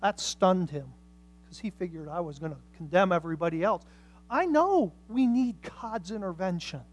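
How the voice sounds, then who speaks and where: A woman preaching a sermon with passion, swinging from hushed lines to loud, emphatic ones. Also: lowish voice, expressive, normal speed.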